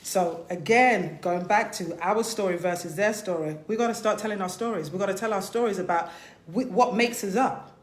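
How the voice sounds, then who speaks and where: A woman speaks as a spiritual teacher, passionate and conversational, pushing her points with rhetorical questions. Her voice sits in a middle pitch. The sound carries a roomy echo. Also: moderate pace. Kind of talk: informal spiritual talk.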